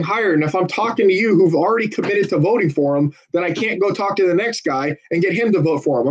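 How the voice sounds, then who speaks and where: A man volunteering on a phone bank, chatting with callers and viewers in a joking, persuasive salesman style. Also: sits high. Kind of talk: casual livestream chat while making calls. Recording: dull lo-fi audio.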